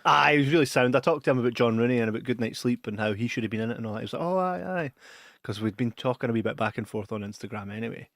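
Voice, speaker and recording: A Scottish man co-hosting a podcast who rambles through his stories and breaks into laughter often. His voice sits at a middle pitch. The sound is dry, with almost no room echo. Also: fairly even intonation, rapid-fire, hardly any pauses, a bit bright. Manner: laughs a lot, rambling storyteller. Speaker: podcast co-host. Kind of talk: casual chat.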